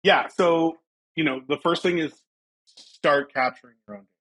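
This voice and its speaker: A man from Ohio, a company founder, explaining things as a podcast guest in a relaxed way with lots of fillers. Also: fairly high pitch, moderate pace, husky, poor audio. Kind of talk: casual interview chat.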